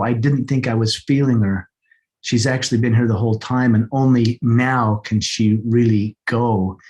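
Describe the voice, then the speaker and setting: A man's voice: medium pitch, a little mellow. A man, an interview guest, tells a personal story in an earnest, heartfelt way, often repeating words as he restarts his sentences.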